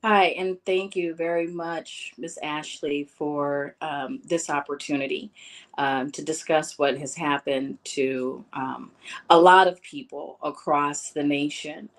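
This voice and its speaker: A middle-aged woman from Chicago giving personal testimony as a bereaved mother, halting with many fillers and close to tears. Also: deep voice, steady tone. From Chicago, USA. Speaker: bereaved mother speaking at a town hall.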